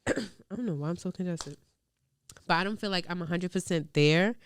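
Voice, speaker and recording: A woman's voice: on the low side, moderate pace, clean tone, dry recording. Frank young woman hosting a podcast. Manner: frank, curious, heavy on filler "like". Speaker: podcast host. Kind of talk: casual chat.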